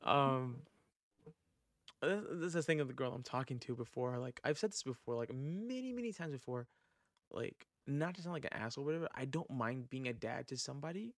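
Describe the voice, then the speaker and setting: A man's voice: medium pitch, lively intonation, fairly quick, no room sound. A man hosting a casual podcast chat, rambling and swearing, with lots of fillers and trailing off, on a close mic. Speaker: podcast host.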